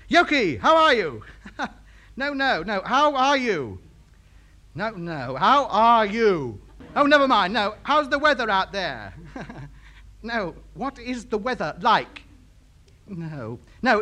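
Brief: a self-important radio hobbyist, high, lively voice, bright tone. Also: male voice, heavily acted. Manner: pompous, indignant, chattering. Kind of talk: radio comedy acting.

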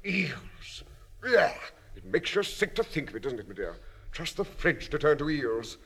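A man's voice: a little high, big pitch swings, normal speed, fairly bright tone, exaggerated voice. A man playing a pompous, sneering English snob. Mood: blustering. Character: pompous, bigoted middle-aged Englishman diner. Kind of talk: comedy sketch acting.

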